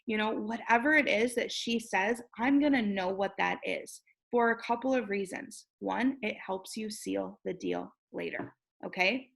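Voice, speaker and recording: A young woman with a mid-range voice and vocal fry coaches people on recruiting for network marketing, speaking at an unhurried pace. She's bubbly and chatty, acting out sample messages and checking in with "right?" as she goes. The audio quality is poor.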